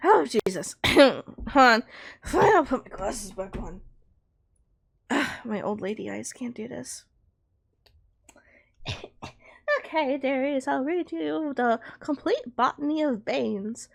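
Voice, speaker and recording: A woman's voice: high-pitched, expressive, takes it slowly, gravelly, long pauses. A young woman streaming a video game, chatting casually and reading in-game text aloud, often correcting herself and laughing.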